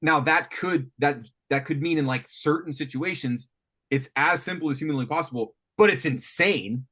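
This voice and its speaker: A man coaching a student on writing guitar riffs, thinking aloud with lots of restarts and animated talk. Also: on the high side, normal speed. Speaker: music coach. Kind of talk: teaching songwriting on a call. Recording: faint guitar music behind.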